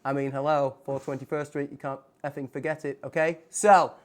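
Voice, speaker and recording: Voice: medium pitch, level tone, a little fast. A podcast co-host bantering and joking through a rambling sign-off. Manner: playful, rambling, jokey sign-off. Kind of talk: comedic podcast banter, put-on English accent.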